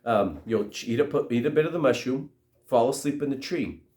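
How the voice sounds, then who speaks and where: A man's voice: mid-range voice, expressive, a little fast, darkish tone, close to an everyday voice. A man voicing a patient male guide who gives step-by-step instructions. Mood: instructive. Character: steady male guide with a stone hand. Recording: roomy echo.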